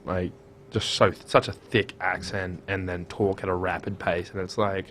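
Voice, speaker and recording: A man's voice: low-pitched, moderate pace, a little hiss or hum. A young man from Australia with an Australian accent, telling stories casually as a student guest in an interview. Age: young adult. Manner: relaxed, storytelling, careful articulation.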